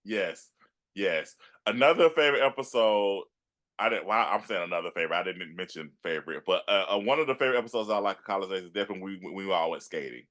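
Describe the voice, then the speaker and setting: A man's voice: sits low, animated, fast talker, a bit bright. A man hosting an interview show, reminiscing in an easygoing, rambling way. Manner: easygoing, rambling with fillers and restarts. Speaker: podcast host. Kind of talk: casual interview chat.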